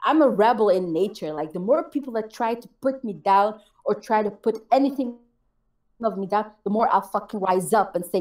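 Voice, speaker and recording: A woman in casual chat, ranting hard and swearing often. Her pitch sits mid-range for a woman, and she sounds defiant and unbothered. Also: normal speed, darkish tone. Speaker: co-host of a call-in chat show.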